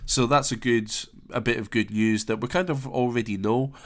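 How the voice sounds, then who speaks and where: A man's voice: medium pitch, fairly even intonation, moderate pace. A man giving casual commentary on a game announcement, hesitant with many fillers and restarts. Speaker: flight sim commentator.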